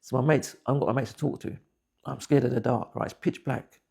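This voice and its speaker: A man's voice: medium pitch, steady tone, fast talker, vocal fry, darkish tone, husky. A man, giving blunt, plain-spoken personal testimony. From England. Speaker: interviewee.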